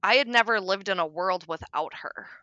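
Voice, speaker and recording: A middle-aged woman on a podcast, talking candidly about grief, frank and darkly joking, sometimes soft-spoken. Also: mid-range voice, normal speed, no room sound, dull audio. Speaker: podcast guest.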